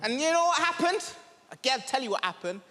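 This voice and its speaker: Animated man doing stand-up. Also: very high-pitched, fairly quick. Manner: animated storytelling, acting out voices. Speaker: stand-up comedian. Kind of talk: stand-up set. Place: large theatre stage. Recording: echoey theatre hall with loud crowd. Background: audience laughter.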